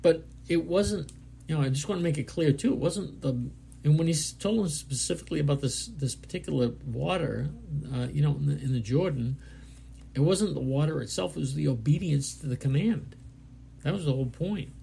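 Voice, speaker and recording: A man delivers a sermon, reading verses and then explaining them in plain, earnest words. His voice sits a little high but is dark and mellow, with a heavy gravelly fry. He often restarts his sentences as he works through each thought. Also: a little fast, slight background noise. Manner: earnest, plainspoken, with frequent restarts and "you know". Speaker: preacher.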